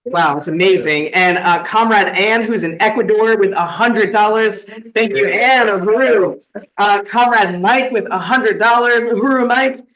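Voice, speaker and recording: High-voiced man reading out donors, upbeat. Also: unhurried, a bit bright, poor audio. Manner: upbeat, salutes each name. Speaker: conference emcee. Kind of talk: reading out donor names at a conference.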